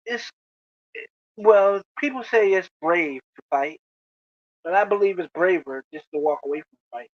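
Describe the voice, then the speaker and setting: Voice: medium pitch, expressive, normal speed, dry recording, dull audio. A video creator giving a preachy, lecturing monologue to the camera, often asking "you know?". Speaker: video creator addressing rival channels.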